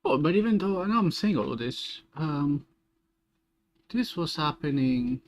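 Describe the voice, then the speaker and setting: Guy on a dev stream talking to himself, kinda high voice, lots of stops and restarts. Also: lively intonation, a little hiss or hum. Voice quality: muttering to himself, halting restarts. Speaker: game developer streaming his work. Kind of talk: casual thinking-aloud dev stream.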